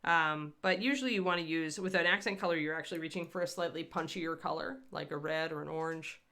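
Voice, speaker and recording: A woman with a low-pitched voice speaks quickly in a bright, forceful tone. She's a miniature painter hosting a casual livestream demonstration, chatting and rambling as she answers viewers in the live chat.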